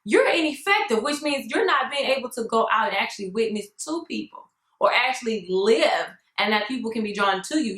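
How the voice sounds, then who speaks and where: A young woman telling a story on her vlog in a sassy, animated way, often calling her viewers "girl". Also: on the high side, fairly quick, reverberant, poor audio. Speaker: vlogger.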